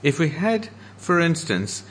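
An earnest man preaching a sermon as pastor, slowing down to stress the scripture he quotes. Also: fairly high pitch, very animated, slight background noise.

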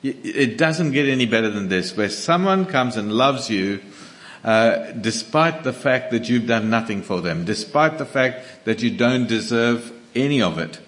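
A man preaching a sermon in a conversational way, stumbling over restarts and slowing down to read scripture aloud. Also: mid-range voice, fairly bright tone.

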